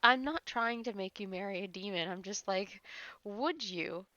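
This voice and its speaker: A woman's voice: medium pitch, normal speed, sharp tone, no room sound, highs cut off. A woman livestreamer chatting casually with her chat, teasing and swearing while she rambles.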